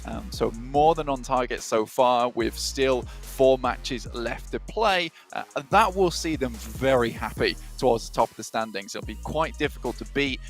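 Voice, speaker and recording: A man casting an esports match live, energetic and full of point tallies. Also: medium pitch. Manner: energetic, stats-heavy. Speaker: esports caster. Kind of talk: live game commentary.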